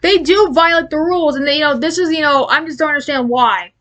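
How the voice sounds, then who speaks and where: A woman giving an angry, profane commentary rant, exasperated and halting with many restarts. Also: high voice, a bit bright. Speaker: aviation commentary YouTuber.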